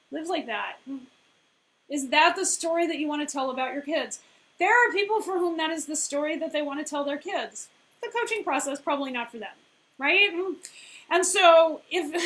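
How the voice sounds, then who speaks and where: A woman in her thirties with a high voice gives a casual coaching talk. She speaks conversationally, leans on fillers and keeps checking in with "right?" and "all right?". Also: a bit bright, low-quality recording. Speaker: business owner and life coach.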